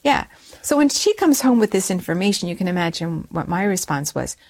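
A middle-aged woman telling a personal story in an interview, animated and often restarting her words, jumping higher when she quotes herself. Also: fairly quick. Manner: animated, rises high when quoting herself; frequent restarts and repeated words.

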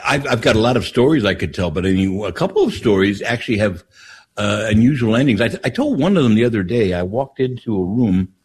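An older man, a priest, telling stories on a call-in talk show in an unhurried way, with frequent restarts. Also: fairly low pitch, lively intonation, darkish tone, husky.

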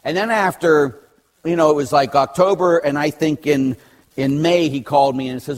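Husky older priest preaching bluntly. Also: male voice, a little high, moderate pace. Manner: blunt, joking storyteller who swings between loud and soft. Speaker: Catholic priest. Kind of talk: sermon with personal stories.

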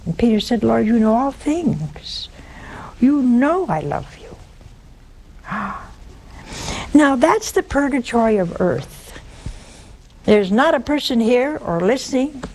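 An older woman giving a Catholic teaching talk to a live audience, telling stories with animated emphasis and dramatic pauses. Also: on the high side. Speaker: religious teacher.

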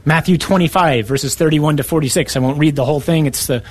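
A man delivers a sermon, reading passages aloud and pressing each point with emphatic, repeated rhetorical phrases. His voice sits a little above the usual male pitch. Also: fast. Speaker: preacher.

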